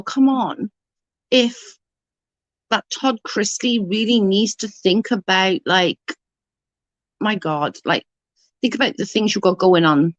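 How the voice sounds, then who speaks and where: A woman's voice: mid-range voice, no echo. Outraged woman ranting on stream. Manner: outraged, emphatic, reads and answers chat. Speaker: live-stream commentator. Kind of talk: ranting live-stream commentary.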